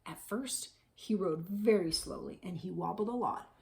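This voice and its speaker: A woman teacher reading a picture book aloud to children, animated, gasping and asking them questions. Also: mid-range voice, normal speed.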